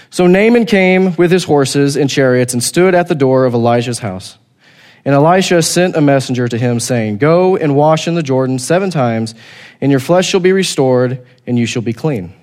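A man preaching a sermon, retelling a scripture story with lively acted-out voices and frequent repeated words. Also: on the high side, moderate pace. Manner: animated storytelling, acting out the characters; repeats words while finding the thought. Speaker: pastor.

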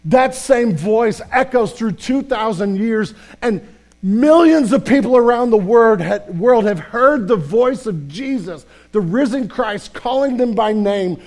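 A man preaching an Easter sermon with passion, sometimes dropping his voice low and quiet. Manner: impassioned, drops to a hushed voice for tender passages. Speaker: pastor.

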